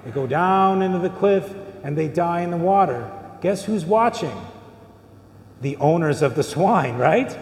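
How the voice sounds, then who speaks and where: Middle-aged male priest, high-ish mellow voice, chatty sermon with lots of rhetorical questions, boomy church reverb. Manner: conversational preaching with rhetorical questions. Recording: echoey church hall with long reverb.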